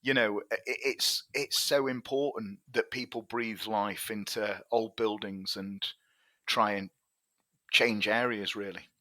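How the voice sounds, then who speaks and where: A man's voice: fairly low pitch, steady tone, a little slow, sharp tone, no room sound. A man, a tech company chief, telling stories in a casual interview, rambling with lots of fillers. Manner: chatty, rambling anecdotes with many fillers. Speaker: tech CEO guest.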